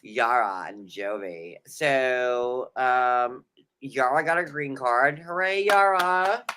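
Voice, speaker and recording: A man's voice: medium pitch, takes it slowly, pushed and bright, slight background noise. A man with a New York accent, co-hosting a casual recap chat, rambling with fillers and jokey asides. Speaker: podcast co-host.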